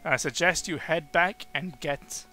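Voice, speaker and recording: A man's voice: a little high, measured pace, pushed and bright, soft background music. A man voicing a kindly, courteous adult male caretaker in a game, speaking formally and reassuringly. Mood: explaining. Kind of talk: reading game dialogue aloud.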